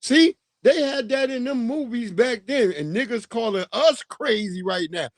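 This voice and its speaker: A man in his forties hosting a livestream, giving animated, profane casual commentary and laughing often. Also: extremely high pitch, normal speed, no echo, clean studio sound. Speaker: livestream host.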